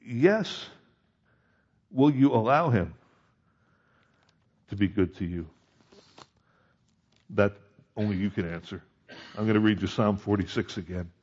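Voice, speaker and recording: A man's voice: fairly low pitch, expressive, measured pace, pauses often, a little mellow, slightly rough, highs cut off. A male pastor preaching a conversational sermon, rising to emphatic peaks on key points.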